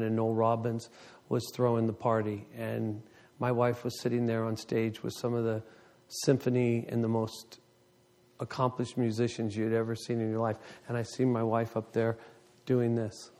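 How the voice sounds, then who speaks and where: A man's voice: medium pitch, a little mellow. Guy rambling through a funny story to a crowd, jokey, keeps doing voices. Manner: rambling, joking, slips into voices. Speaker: speaker telling a story to a group. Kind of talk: casual storytelling.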